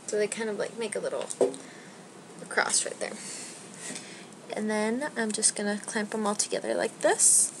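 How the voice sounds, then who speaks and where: A young woman, a beauty vlogger, gives a casual hair tutorial at home in a medium-pitched, sing-song voice at normal speed, pausing often. She's chatty and self-deprecating, rambling with lots of "likes" and sounding slightly out of breath. The background is noisy.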